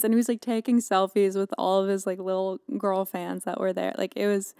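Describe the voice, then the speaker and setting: A woman's voice: mid-range voice, flat delivery, fairly quick, hardly any pauses, darkish tone, clean tone, no room sound. Chatty young woman, dry close mic. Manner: chatty, dramatic, filler-heavy with frequent "like". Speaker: podcast host. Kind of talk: casual solo podcast recap.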